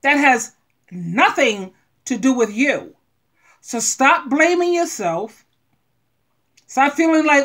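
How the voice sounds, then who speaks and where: Middle-aged lady vlogger, high voice, blunt and animated, talking right to you. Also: unhurried. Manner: blunt, animated, talks straight to the viewer. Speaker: advice vlogger. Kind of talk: frank advice monologue.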